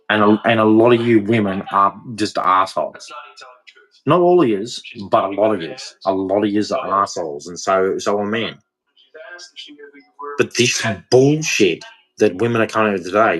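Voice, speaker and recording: A man's voice: on the low side, low-quality recording. An Australian man with a blunt, profane, confrontational manner, ranting in a monologue to camera. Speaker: vlogger.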